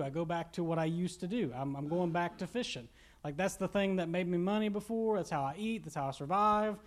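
A young man with a Kentucky accent preaching a casual sermon, joking and laughing as he retells a story. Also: high-pitched. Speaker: pastor.

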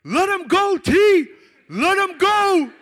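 A man voicing a loud male friend at a club who eggs on a fight, shouting in a raised voice. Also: very high-pitched, animated, takes it slowly, in a large hall, voice pushed up, heavily acted. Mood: urgent. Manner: shouting, hyped up.

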